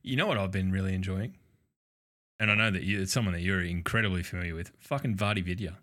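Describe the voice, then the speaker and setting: Aussie guy on a podcast, bright punchy voice, swears a lot and laughs all the time. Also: sits low, quick pace. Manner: laughs often, swears freely. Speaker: podcast co-host. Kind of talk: casual chat.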